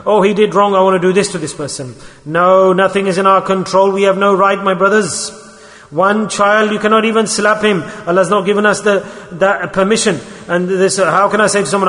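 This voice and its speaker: A man's voice: high-pitched, steady tone, a little fast, a bit bright, big-room sound. A man preaching a sermon in English, dropping Arabic and Urdu religious terms in and pressing the listeners with rhetorical questions. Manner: exhorting, with many rhetorical questions.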